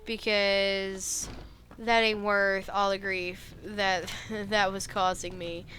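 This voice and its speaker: Woman gamer, casual commentary, slow unhurried talk, bright voice, faint noise. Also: medium pitch, little pitch movement. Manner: chatty, joking, laughs often. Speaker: game streamer.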